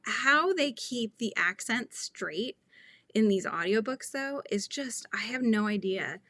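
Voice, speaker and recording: A woman's voice: fairly high pitch, expressive, takes it slowly, pushed and bright, dry recording. A woman in her thirties hosting a crochet tutorial stream, chatting casually and laughing often as she reads viewer comments. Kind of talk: casual livestream chat while crocheting.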